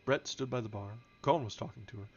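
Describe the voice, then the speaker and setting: A man's voice: medium pitch, fast. A man reading a novel aloud on a live stream, with small slips and restarts and light changes of voice for the characters. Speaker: audiobook reader, streamer. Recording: slightly dull home stream audio with soft background music. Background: faint background music.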